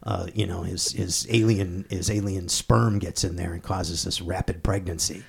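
A man with a lowish, gravelly voice, husky at the edges, chatting loosely about a film. He rambles and restarts his sentences often as he goes. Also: steady tone, normal speed. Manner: rambling, frequent restarts and fillers. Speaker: podcast co-host. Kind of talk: casual film discussion.

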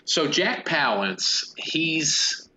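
A man's voice: fairly high pitch, sing-song, very slow, sharp tone, reverberant, slight background noise, rough recording. A man co-hosting a casual comedic movie discussion, rambling and acting out silly villain voices. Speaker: podcast co-host.

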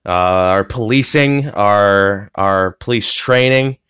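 A man's voice: lowish voice, slow pace, fairly bright tone, smooth. A young man talking casually on his own podcast from his bedroom, rambling with plenty of fillers, restarts and swearing. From United States. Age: young adult. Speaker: podcast host. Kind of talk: rambling solo podcast talk.

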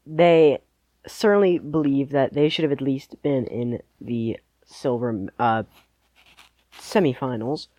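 A man's voice: medium pitch, slow, darkish tone, no echo. A man co-hosting a podcast, chatting casually about sports and hedging his picks with lots of "like"s. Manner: rambling, hedging, many "like"s. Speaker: podcast co-host.

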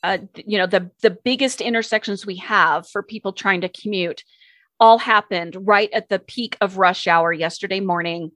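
A woman, a traffic and news radio reporter, telling stories with lively enthusiasm in a casual interview. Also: mid-range voice, moderate pace, no room sound. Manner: animated, enthusiastic storyteller.

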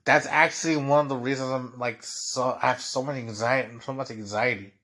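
Husky young man rambling on a podcast. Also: mid-range voice, steady tone, brisk, sharp tone. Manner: rambling, repeats "dude" and "like" often. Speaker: podcast host. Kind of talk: casual monologue.

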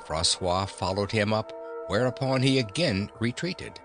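A man narrating a classic novel as an audiobook reader, in slow, expressive storytelling. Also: fairly low pitch. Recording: narration over background music.

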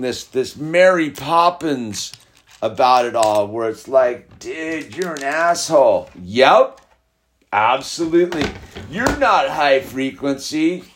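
Podcast host, middle-aged man, mid pitch, unhurried, heated rambling monologue. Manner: rambling, heated, with many "like" and "dude". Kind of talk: casual spiritual monologue.

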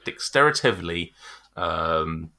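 A man's voice: low voice, expressive, takes it slowly, pushed and bright, a little hiss or hum. A man running a tabletop game as game master, describing scenes with many ums and restarts. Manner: rambling, hesitant descriptions full of ums.

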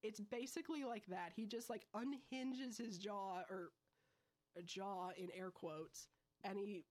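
A woman's voice: mid-range voice, a little slow, darkish tone. A young adult woman hosting a podcast, recapping a movie in breezy, casual chat with slangy asides. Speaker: podcast host. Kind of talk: casual film review chat.

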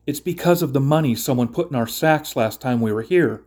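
A man's voice: medium pitch, fairly quick, darkish tone, close to an everyday voice. Man reading anxious group of brothers, protesting their honesty. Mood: frightened. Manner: anxious, explaining.

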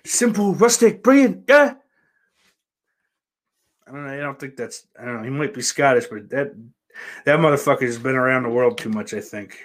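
A man's voice: mid-range voice, fairly even intonation, fast, fairly bright tone. A man hosting his own show, talking in a loose, rambling, profanity-heavy monologue. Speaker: podcast host.

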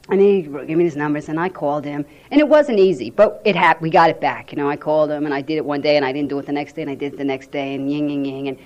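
A woman sharing her personal recovery story at a meeting, telling it in an animated way and acting out what people said. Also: low voice.

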